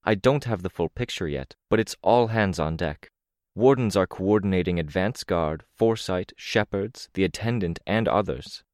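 A man reading an audiobook, voicing a worried young woman hero who talks in an urgent, hurried way. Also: sits low, a little mellow, no echo, clean studio sound, natural voice. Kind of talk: audiobook character voice.

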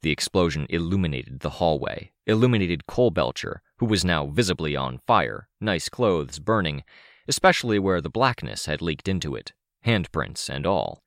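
A man reading first-person fiction aloud as an audiobook narrator, measured and vivid. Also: deep voice, big pitch swings, no room sound, studio quality.

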